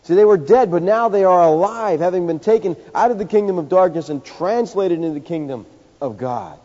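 A man preaching a sermon, emphatic, swinging from loud high peaks to low quiet lines. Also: lively intonation, fairly quick. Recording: dull sound with long hall reverb.

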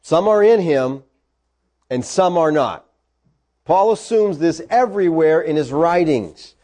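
A man preaching a sermon, teaching from the Bible with emphatic, animated delivery. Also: a little high, a little slow.

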